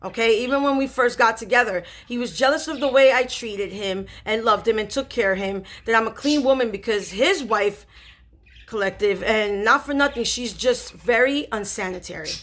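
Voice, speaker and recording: A woman spiritual reader casually retelling a story in slangy, animated speech with lots of fillers. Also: a little high, normal speed.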